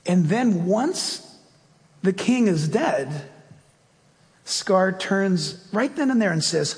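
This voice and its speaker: A man's voice: sits high, big pitch swings, takes it slowly, long pauses. A male pastor preaching emphatically and praying fervently. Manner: emphatic, rising to fervent prayer. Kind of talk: sermon and prayer. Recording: long hall reverb, faint music.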